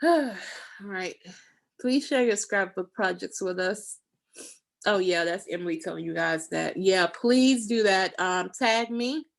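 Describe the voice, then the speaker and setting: A woman's voice: medium pitch, animated, measured pace, gravelly. A woman teaching an online scrapbooking class, folksy and down-to-earth, talking while she works and fighting back tears. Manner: tearful, soft-spoken, talks while working. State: close to tears. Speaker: scrapbooking instructor.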